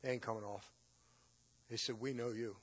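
A man's voice: medium pitch, steady tone, normal speed, breathy edge. A man preaching his personal testimony as an emotional storyteller. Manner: emotional storytelling, rising to loud intense peaks. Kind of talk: testimony sermon.

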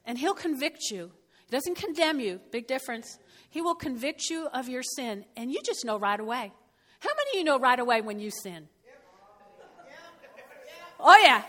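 High-voiced woman pastor preaching. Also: fairly quick. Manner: lively, folksy, with whoops and laughs. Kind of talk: sermon. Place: church. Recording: church hall reverb.

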